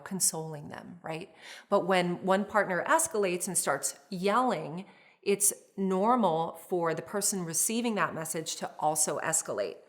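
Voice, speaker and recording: A woman therapist gives a recorded lesson on couples and conflict, her voice sitting a little low. She talks in a calm, measured, explanatory way and often restarts a word mid-sentence. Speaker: licensed therapist teaching a course. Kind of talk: instructional talk to camera.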